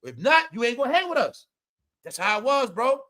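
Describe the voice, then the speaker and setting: Streamer guy rambling loud and profane, high voice, lots of "y'all". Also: very animated, brisk. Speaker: livestream host. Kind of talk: profane stream-of-talk commentary.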